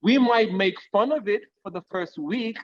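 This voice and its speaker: A Nigerian man, a guest singer in a conversational interview, gives career advice with lively analogies and frequently checks in with his listener. His voice is high and his speed normal, and the recording has its highs cut off.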